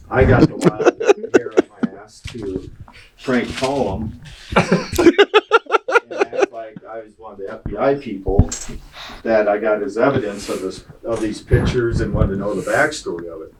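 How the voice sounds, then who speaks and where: A racing guest on a casual podcast tells a long, profane, rambling story, chuckling along the way. His fairly low voice is very animated at a measured pace. The distant mic picks up clear background noise, including crowd sounds.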